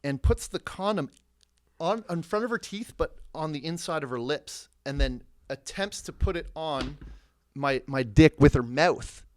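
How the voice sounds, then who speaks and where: A young man as a podcast guest, telling a story in a profane, animated way and laughing often. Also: on the high side, measured pace. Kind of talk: casual storytelling.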